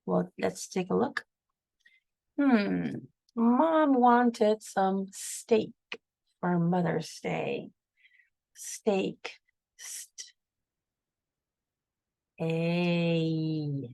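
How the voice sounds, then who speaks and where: A woman's voice: on the low side, very slow, gravelly, pauses often, warm tone, no echo, rough recording. A woman teaching a phonics lesson, patiently sounding out words and spelling them letter by letter.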